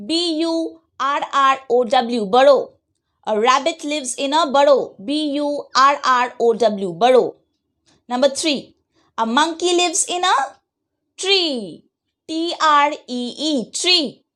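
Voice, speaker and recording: Slow, high-voiced teacher. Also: female voice, animated, a bit bright. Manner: slow, patient dictation, spelling words letter by letter. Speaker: schoolteacher. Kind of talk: online class lesson. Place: home.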